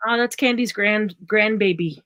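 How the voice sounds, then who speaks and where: A woman hosting a live craft stream, chatting in a relaxed, rambling way. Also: mid-range voice, moderate pace, no room sound. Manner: relaxed, rambling, warm sign-offs. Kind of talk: casual live-stream chat.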